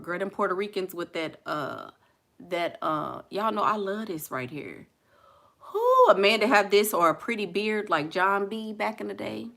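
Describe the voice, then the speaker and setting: Blunt, bright-voiced Southern woman chatting. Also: medium pitch, sing-song, unhurried, gravelly. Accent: Southern US (Houston). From Houston, Texas. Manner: blunt, laughing, talks back to chat. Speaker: vlogger reading live comments. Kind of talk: casual chat.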